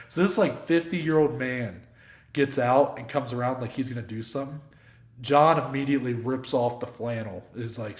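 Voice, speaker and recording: In an echoey room, this man speaks at medium pitch and a normal pace. He's co-hosting a podcast and telling a long, animated, casual story, swearing plenty and acting out people's lines.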